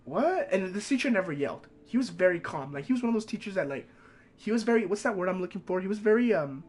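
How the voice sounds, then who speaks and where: A man's voice: high voice, expressive, quick pace. A young man, a game streamer, rambling through a profane story in casual chat.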